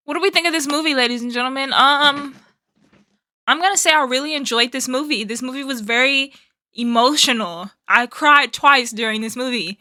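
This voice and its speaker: A woman's voice: on the high side, moderate pace, pushed and bright, no room sound, clean studio sound. A young woman hosting a movie reaction, emotional and exclaiming, often repeating herself. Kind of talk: casual movie reaction commentary.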